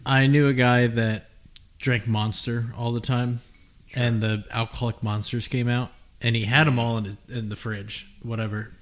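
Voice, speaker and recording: Regular guy at mid pitch, chill storytelling over drinks, just plain matter of fact. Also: little pitch movement, normal speed. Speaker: podcast co-host. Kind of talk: casual chat over drinks.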